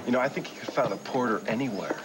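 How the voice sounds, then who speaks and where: A man's voice: medium pitch, very fast, background noise, close to an everyday voice. An actor playing a playful young man who works as a porter and teases his friends, in 1980s soap opera style. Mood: teasing. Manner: teasing, playful. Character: joking young radio station porter.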